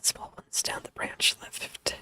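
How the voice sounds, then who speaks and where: A woman streamer who has lost her voice, chatting to herself in a soft, playful whisper while she draws, close to a very sensitive mic. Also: slow pace, no echo, soft background music. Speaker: streamer drawing digital art. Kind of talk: casual chat while drawing. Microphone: high-sensitivity desk mic, close.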